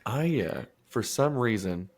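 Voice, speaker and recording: A young man hosting a podcast, telling profane, animated stories in casual chat, often acting out other people's lines. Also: mid-range voice, a little slow. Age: young adult. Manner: profane, animated storytelling with voiced quotes. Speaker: podcast host.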